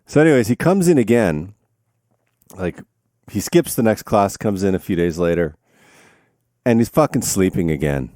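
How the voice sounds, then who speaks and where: Animated man telling a teaching story. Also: lowish voice, normal speed, pauses often, dry recording, clean studio sound. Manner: animated, laughing, casual swearing. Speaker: guest, music teacher and former touring musician. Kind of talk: casual storytelling in a conversation.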